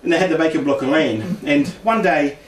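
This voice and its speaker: A man's voice: fairly high pitch, a little fast. Chatty man in an echoey room. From Australia. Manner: chatty, laughs often, acts out quoted voices. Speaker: speaker sharing paranormal experiences. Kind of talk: casual storytelling talk. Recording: echoey room, distant mic, faint noise.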